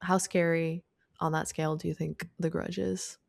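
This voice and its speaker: A woman's voice: sits low, little pitch movement, moderate pace, gravelly, no room sound, clean studio sound. A young woman co-hosting a podcast, chatting casually and thinking aloud with lots of restarts. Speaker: podcast co-host. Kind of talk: casual chat.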